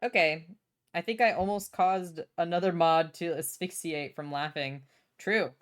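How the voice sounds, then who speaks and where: A woman's voice: fairly low pitch, unhurried. A young adult woman streaming casually from home, bubbly, swearing freely and reading chat aloud.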